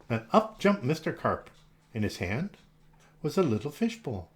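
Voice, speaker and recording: Male storyteller, children's book, gentle and expressive, animated pitch. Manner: gentle, expressive, slowed for effect.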